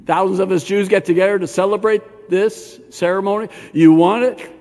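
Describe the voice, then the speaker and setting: An older man, a rabbi preaching a sermon in a synagogue, animated and talking straight to the congregation with questions. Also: high voice, normal speed. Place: synagogue sanctuary. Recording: long hall reverb.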